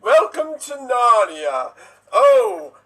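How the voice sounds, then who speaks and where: A man performing a fast improv comedy scene over a video call, playing every part himself in quick, goofy character voices. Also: extremely high pitch, rough recording. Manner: switches between many quick character voices, goofy and excitable.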